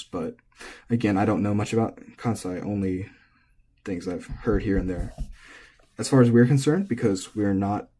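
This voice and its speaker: Relaxed male teacher with a low, mellow voice, explaining casually and correcting himself mid-thought. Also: breathy edge. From United States. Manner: relaxed, thinking aloud, self-correcting. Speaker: language teacher.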